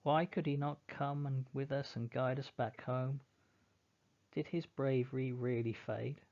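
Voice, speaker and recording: A man narrating a novel in the first person, in a slow, measured, mournful reading. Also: medium pitch, flat delivery, darkish tone, lo-fi sound.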